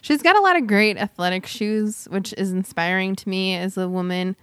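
A woman's voice: mid-range voice, normal speed, a bit bright, smooth, no room sound, clean studio sound. A woman co-hosting a podcast, rambling playfully and laughing often while she chats. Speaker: podcast co-host. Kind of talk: casual chat.

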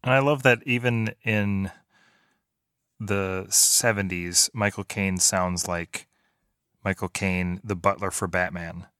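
A man's voice: low voice, steady tone, slow pace, a bit bright, smooth, dry recording, clean studio sound. A man co-hosting a casual movie podcast who talks enthusiastically and fumbles while searching for words. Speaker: podcast co-host. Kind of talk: casual movie-review chat.

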